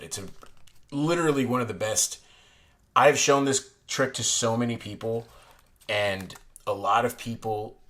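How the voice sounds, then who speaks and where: A man's voice: on the low side, a bit bright. A man casually explaining a card trick in a vlog, rambling and correcting himself as he goes. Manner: rambling, self-correcting, chatty. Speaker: playing card reviewer. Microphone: desk camera looking down on hands.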